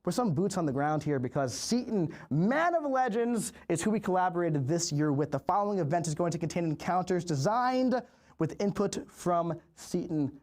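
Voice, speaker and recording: A man hosting a live game stream, upbeat and hyping things up with drawn-out emphasis. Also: high-pitched, lively intonation, a little mellow. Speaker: stream host.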